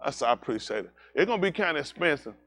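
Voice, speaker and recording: A man preaching, telling animated, jokey stories and slipping into high-pitched voices for characters. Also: very fast. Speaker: pastor. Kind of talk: comedic storytelling sermon.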